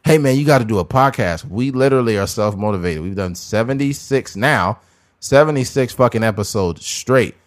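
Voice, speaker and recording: Animated, swearing podcast host. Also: male voice, medium pitch, normal speed. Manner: animated, profane, joking. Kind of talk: casual chat.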